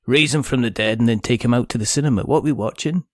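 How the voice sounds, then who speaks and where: A man's voice: medium pitch, quick pace, no room sound. A man hosting a podcast interview, teasing his guests and laughing often as he rambles. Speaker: podcast host.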